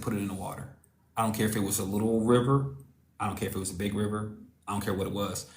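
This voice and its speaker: Low-voiced guy preaching casual and slangy, calls you cousin, echoey room. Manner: preachy, slangy storytelling, addresses listener as cousin. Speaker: motivational speaker. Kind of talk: casual motivational talk.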